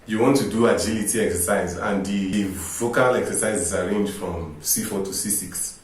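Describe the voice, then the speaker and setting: A man coaching singers, explaining with rhetorical questions in an informal teaching talk. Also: lowish voice. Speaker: vocal coach. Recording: echoey room, distant mic.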